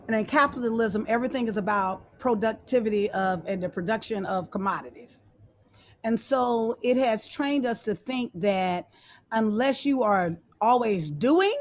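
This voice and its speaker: A woman's voice: medium pitch, a little hiss or hum. A woman speaking as a guest on a video call, giving students an affirming motivational talk and repeating her phrases.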